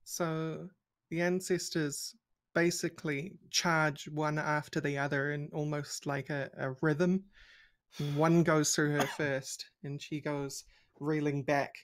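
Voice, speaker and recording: A player in a tabletop game, narrating a character's actions in an animated way. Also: mid-range voice, slow. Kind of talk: casual tabletop play, narrating own character.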